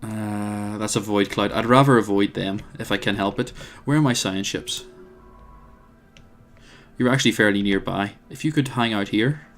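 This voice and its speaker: A man's voice: lowish voice, normal speed, a bit bright, soft background music. A man commentating his own strategy game, thinking aloud with plenty of hesitations and wry asides. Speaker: let's play host.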